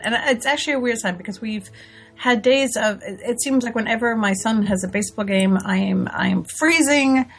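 A woman's voice: medium pitch, slightly rough. A woman in her forties hosting a radio talk show, chatty and self-deprecating, with fillers and little laughs. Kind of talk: casual radio talk with readings.

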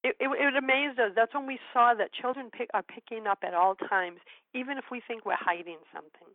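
A woman's voice: fairly high pitch, a little fast, no room sound. Older woman host on a tinny phone line. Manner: gentle, storytelling, encouraging. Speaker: radio show host. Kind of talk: casual interview chat.

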